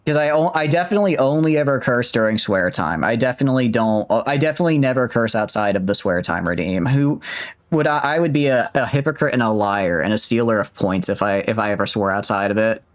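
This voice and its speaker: A man's voice: mid-range voice, fast talker, clean tone. A man in his twenties chatting casually with viewers while streaming a game, rambling and joking at himself. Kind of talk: casual gaming stream chat.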